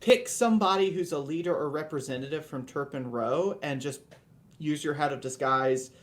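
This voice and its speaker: Fairly high male game master. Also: moderate pace. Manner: animated, laughing storyteller. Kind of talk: narrating a tabletop game.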